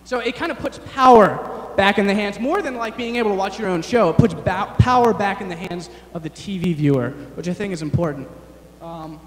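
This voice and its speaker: A young man performing a rambling, self-deprecating stand-up set, halting often with fillers. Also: high voice, echoey room, in a large hall. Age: young adult. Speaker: stand-up comedian. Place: large chapel hall on stage.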